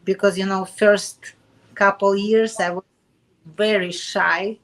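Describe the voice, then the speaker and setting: A woman from Kaliningrad with a Russian accent, a native Russian speaker, talking as a guest in a casual interview in halting English with many restarts. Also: medium pitch, fairly even intonation. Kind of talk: casual chat.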